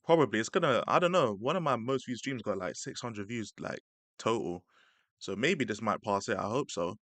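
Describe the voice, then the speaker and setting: A man's voice: fairly low pitch, animated, moderate pace, fairly bright tone, dry recording. A young man hosting a casual live-stream reaction, chatting in slang and laughing often. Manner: laid-back slang-heavy chat, laughing often. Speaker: stream host reacting to a clip.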